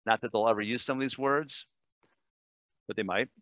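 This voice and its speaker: A man, a language teacher, demonstrating software in a webinar, enthusiastic and quick, with fillers and self-corrections. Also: medium pitch, no echo, highs cut off. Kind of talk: screen-share webinar demo.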